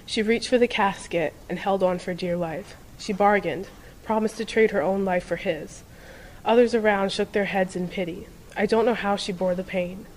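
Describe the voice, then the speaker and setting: A woman reading a first-person short story aloud in a steady, measured way. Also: medium pitch, slight background noise, low-quality recording. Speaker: reader.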